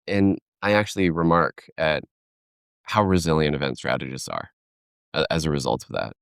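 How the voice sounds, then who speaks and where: A man's voice: extremely low pitch, normal speed, vocal fry, smooth, dry recording, clean studio sound. A man speaking as a keynote speaker in a conversational podcast interview, telling stories animatedly and acting out quoted voices.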